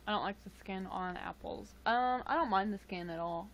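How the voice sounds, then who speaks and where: A woman's voice: mid-range voice, moderate pace, muffled recording. A tired woman chatting casually with live-stream viewers, rambling with frequent chuckles and fillers into a webcam mic. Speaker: livestream host.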